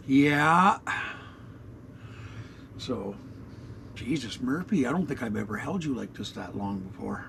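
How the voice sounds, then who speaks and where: A man's voice: mid-range voice, expressive, takes it slowly, gravelly, long pauses, a bit bright, a little hiss or hum. A man in his sixties, rambling bluntly and profanely through an unscripted vlog in his RV, with lots of fillers, recorded on an action camera. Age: 60s. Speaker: vlogger. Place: inside his RV.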